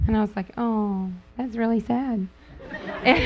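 A middle-aged woman speaking casually to a group, telling stories with frequent laughter and acting out quotes in sudden high squeals. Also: fairly even intonation, unhurried, crowd noise, noisy background. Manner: laughs often while talking. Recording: dull lo-fi recording.

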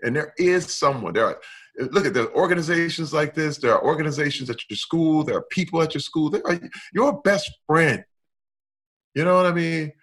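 Emphatic, expressive middle-aged man. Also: a little high, a little fast. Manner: emphatic, expressive, swings between loud and soft. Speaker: guest. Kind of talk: candid conversation.

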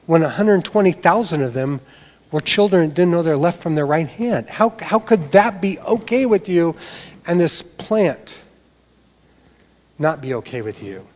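A patient, low-spoken God, as a preacher voices him, who asks quiet, searching questions. His voice sits lower and softer than the preacher's own, and it trails into a long hall reverb. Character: patient questioning God, a calm elder male voice.

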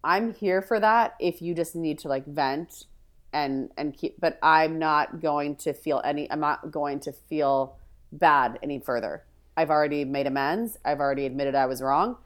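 A woman's voice: deep voice, moderate pace. A woman guest in a casual interview, a frank verbal processor who thinks aloud with many restarts. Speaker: podcast guest.

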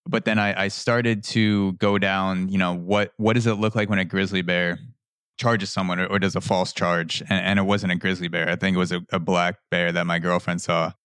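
Low, flat-voiced male podcast host. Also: normal speed, clean tone, no room sound, studio quality. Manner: rambling, with frequent restarts and repeated words. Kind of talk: casual conversational interview.

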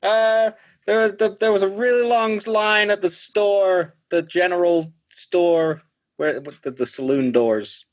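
A man's voice: high voice, slow, pitched above the performer's own voice. A man voicing a cheerful, oblivious adventurer who rambles in a raised, upbeat voice. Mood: cheery.

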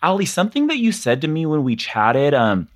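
A man hosting a podcast, affirming his guest enthusiastically and asking warm follow-up questions. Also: on the high side, wildly swooping pitch, fairly quick. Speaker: podcast host. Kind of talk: casual interview conversation.

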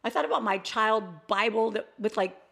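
An older woman with a fairly high, creaky voice speaks briskly while co-hosting a Christian talk show. She shares a personal testimony as an animated storyteller, acting out the dialogue she quotes.

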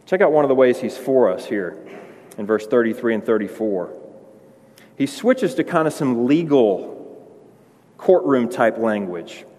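A man's voice: medium pitch, lively intonation, measured pace, long pauses, darkish tone. Man in his forties, pastor, conversational sermon, emphatic peaks, long hall reverb. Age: 40s.

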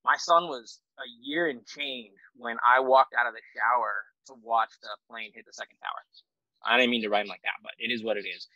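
Bright-voiced man in his forties, rambling. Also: medium pitch, steady tone, fairly quick, no room sound, highs cut off. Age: 40s. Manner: rambling, self-deprecating, lots of fillers and restarts. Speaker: guest, military veteran. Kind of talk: casual storytelling interview.

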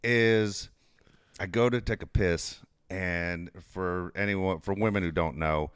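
A man's voice: deep voice, steady tone, slow pace, a bit bright, clear, resonant tone, dry recording, studio quality. A middle-aged man telling a long personal story in casual chat, swearing freely and laughing often.

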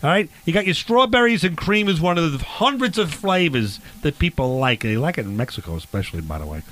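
Man, comedic cookout host, rambling, playfully confused, animated pitch, fairly high voice. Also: fast talker, a little hiss or hum. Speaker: comedic barbecue host character. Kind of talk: comedic cooking banter.

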